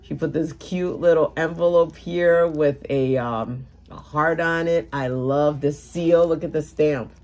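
A woman's voice: sits low, fairly even intonation, measured pace, hardly any pauses, a little mellow. A woman vlogging a casual unboxing for her giveaway challenge, gushing and emotional, at times tearful. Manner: gushing, emotional, exclaims often.

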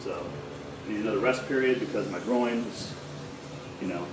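Slightly out of breath, a fitness vlogger walks viewers through his stretching routine in a relaxed, chatty way, with the odd swear word. His voice is fairly low and his pace moderate. Recorded from a distance in an echoey room, the clip has a noisy background.

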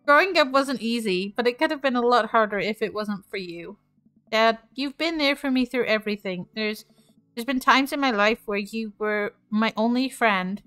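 A woman's voice: on the high side, normal speed, fairly bright tone, clear, resonant tone, no room sound, soft background music, lightly acted. A woman reading an earnest teen daughter. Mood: tender. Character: cheerful teenage daughter leaving for college.

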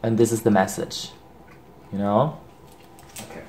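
A man from Germany with a German accent, explaining candy in halting English as he searches for words. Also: fairly low pitch, fairly even intonation, a little mellow. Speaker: guest. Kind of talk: casual chat, explaining candy. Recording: echoey room, far from mic, clear noise.

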